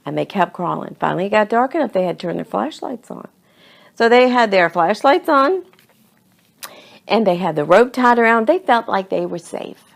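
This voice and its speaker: A woman reading a children's story aloud in an expressive, dramatic way. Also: medium pitch, gravelly.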